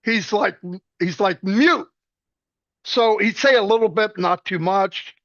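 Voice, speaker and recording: A man giving a rambling, joking tribute full of quick stories and restarts. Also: high-pitched, a bit bright, dry recording. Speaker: speaker at a celebration. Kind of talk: casual storytelling tribute. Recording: dull dry lo-fi sound.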